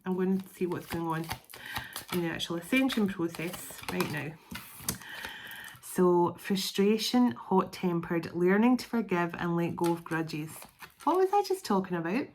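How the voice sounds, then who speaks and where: A woman's voice: lowish voice, animated, a little slow, darkish tone, a little hiss or hum. Chatty middle-aged woman reading tarot. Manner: rambling, chatty, laughs often, restarts phrases. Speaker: tarot reader. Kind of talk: casual spoken tarot reading.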